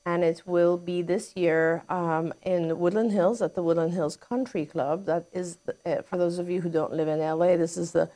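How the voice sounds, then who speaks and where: Agreeable woman guest, fairly low voice. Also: steady tone, normal speed, hardly any pauses, warm tone. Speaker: guest expert. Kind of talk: casual chat on a live show.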